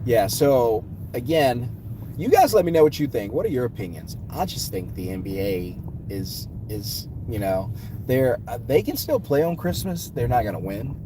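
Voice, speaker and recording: A man's voice: medium pitch, sing-song, normal speed, background noise. A man vlogging his opinions on sports, talking in emphatic, punchy, repeated phrases while in a car. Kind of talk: casual opinion rant.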